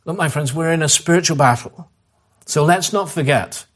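A pastor with a slightly high, husky voice delivers a sermon, pressing his audience with earnest repetition and short commands. As he moves into prayer, he grows quiet and slow.

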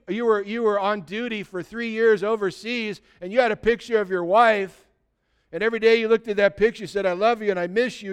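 A man's voice: high voice, smooth. A male pastor delivering an earnest sermon, exhorting his congregation directly.

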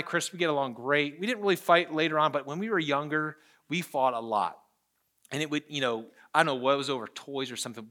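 A man's voice: medium pitch, sharp tone. A man preaching a sermon as pastor, earnest, telling stories and repeating phrases for emphasis.

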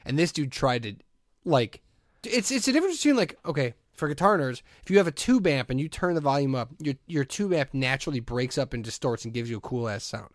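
A man's voice: mid-range voice, expressive, brisk, no echo, clean studio sound. A man co-hosting a podcast, chatting casually in a joking, opinionated way. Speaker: podcast co-host. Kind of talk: casual chat.

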